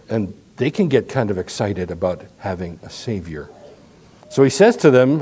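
Folksy, animated male preacher. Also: medium pitch, normal speed, slightly rough. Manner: animated, conversational preaching with restarts and folksy asides. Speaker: pastor. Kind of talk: sermon.

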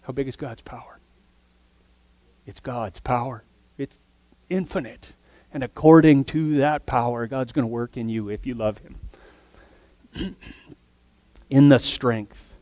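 A man preaching a sermon earnestly, his voice swinging from loud emphatic lines to soft, near-whispered ones. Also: mid-range voice, fairly even intonation, slow pace, pauses often, no echo.

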